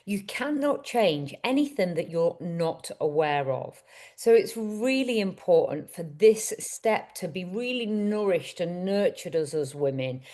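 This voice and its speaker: A woman's voice: fairly low pitch, expressive, unhurried, warm tone. A woman coach giving a motivational summit talk. She speaks earnestly and keeps turning to the audience with questions.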